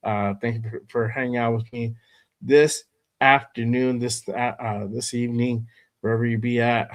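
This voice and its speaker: A man hosting a fan livestream from home, hoarse from a cold, laid-back and greeting viewers by name. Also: mid-range voice, level tone, normal speed. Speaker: host of a fan show. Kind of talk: casual livestream chat.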